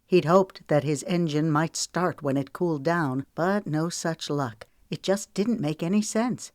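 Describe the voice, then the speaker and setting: A woman author narrating her own historical novel in a measured, dramatic reading. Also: low-pitched, a little mellow, no echo, studio quality. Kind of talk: audiobook narration.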